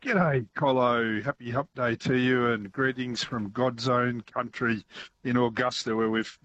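A man's voice: medium pitch, fairly bright tone, low-quality recording. A man with an Australian accent, a regular music contributor chatting on radio in an easygoing, friendly way. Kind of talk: radio chat.

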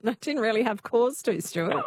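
A woman hosting a talkback radio quiz, chatty and quick to laugh. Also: fairly high pitch, lively intonation, a little mellow, no echo, clean studio sound.

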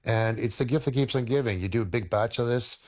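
A middle-aged man, a historian and chef, explaining cooking on radio in a halting way, with many fillers and restarts. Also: mid-range voice, darkish tone.

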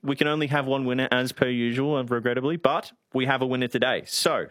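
A man producing a radio show, talking in a rambling, self-deprecating way and laughing easily. His voice sits at a middling pitch and is recorded dry and close in the studio. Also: fairly even intonation, fast talker, fairly bright tone, no echo. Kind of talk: casual on-air radio chat.

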